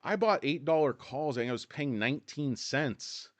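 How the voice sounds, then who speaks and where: A man's voice: mid-range voice, lively intonation, normal speed, no echo. Guy rambling on a stock livestream, jokey and crude, dry mouth, voice cracking, dead dry sound. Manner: rambling, joking and profane. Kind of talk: casual livestream chat. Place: hot indoor office.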